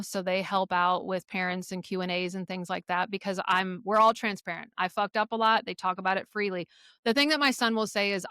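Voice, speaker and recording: A middle-aged woman guesting on a podcast as a coparenting expert, telling stories in a blunt, animated way with frequent swearing. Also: mid-range voice, smooth, no room sound, clean studio sound. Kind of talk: podcast conversation.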